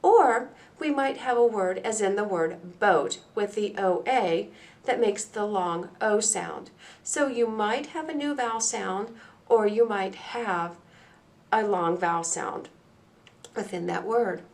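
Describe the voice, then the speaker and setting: A woman presenting a recorded teacher-training lecture on phonics, explaining each point slowly and deliberately, step by step. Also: medium pitch.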